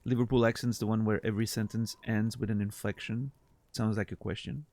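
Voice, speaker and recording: Here a young man from Switzerland talks loosely with viewers while streaming gameplay, cursing and laughing often. He speaks a little fast in a lowish, darkish voice with flat delivery, and there's no echo.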